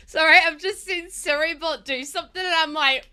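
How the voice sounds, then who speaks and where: A woman's voice: high-pitched, sharp tone. A woman live streamer chatting casually and giggling as she greets her chat.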